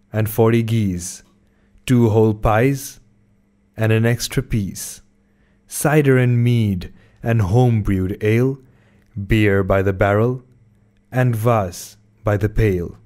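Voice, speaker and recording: Male storyteller, fairy tale reading, low voice, unhurried delivery. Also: a little mellow. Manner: slow and measured. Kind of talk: scripted narration of a fairy tale.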